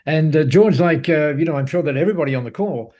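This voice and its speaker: A man who is a guest, telling a story in a lively conversational way, laughing often and using many fillers. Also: on the high side, quick pace. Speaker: guest, business co-founder. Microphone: call.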